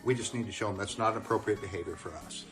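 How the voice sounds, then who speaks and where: A man working as a dog trainer, giving calm, plain-spoken advice to the camera in an even tone, with occasional ums and uhs. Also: on the low side, fast talker, music in the background. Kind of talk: instructional talk to camera.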